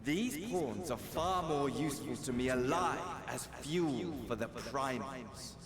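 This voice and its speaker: An actor voicing a theatrical, unhinged male villain in a video game, taunting in a sing-song way with wild swings in pitch. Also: expressive, takes it slowly. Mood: mocking. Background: game music.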